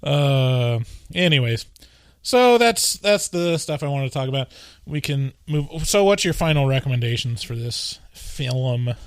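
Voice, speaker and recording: A man's voice: medium pitch, expressive, smooth, no echo, clean studio sound. A man co-hosting a casual podcast chat, joking and rambling as he talks. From US West Coast. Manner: jokey, rambling, quick to laugh. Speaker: podcast co-host.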